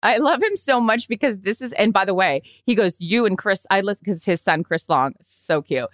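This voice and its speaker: A woman co-hosting a podcast in a bubbly, chatty way, full of quick asides. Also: mid-range voice, lively intonation, no room sound, clean studio sound. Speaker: podcast co-host. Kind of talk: casual chat.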